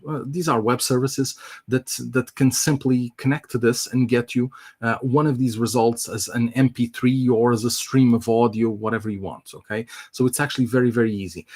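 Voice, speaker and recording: A man's voice: medium pitch, a little mellow. Casual man walking through a tech demo. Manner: casual, filler-heavy explaining. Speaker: tech presenter. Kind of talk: live online tech demo.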